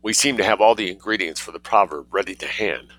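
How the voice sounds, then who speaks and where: A man voicing a calm, dryly ironic artist in a storybook reading. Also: on the low side, fast, dry recording, close to an everyday voice. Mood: deadpan. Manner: cool, deadpan, dryly ironic. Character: unruffled dry-witted male artist.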